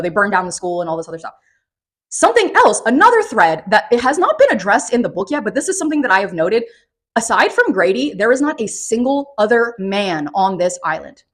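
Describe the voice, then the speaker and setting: A woman giving a casual, profane and sarcastic spoken book review, recapping the plot with animated energy. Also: medium pitch.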